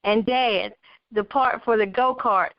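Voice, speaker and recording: A woman's voice: fairly high pitch, slow pace, no room sound. A woman reading the lines of a weak, coughing teenage girl who is dying and speaks serenely to reassure her parents. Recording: dull lo-fi recording.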